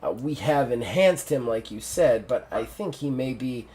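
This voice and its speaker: A man's voice: mid-range voice, lively intonation, normal speed, dark tone, slight background noise, natural voice. A man voicing a deferential male soldier aide who speaks politely and hesitantly.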